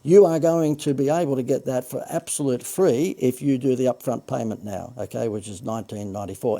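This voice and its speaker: An Australian man hosts a livestream sales pitch for a marketing course. His voice is very dark and gravelly, and he talks in a chatty, loose way, full of "uh"s, quick corrections and jokes at his own expense. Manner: chatty, joking asides, frequent "uh" and self-corrections. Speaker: marketing coach hosting a livestream. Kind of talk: Facebook Live sales pitch.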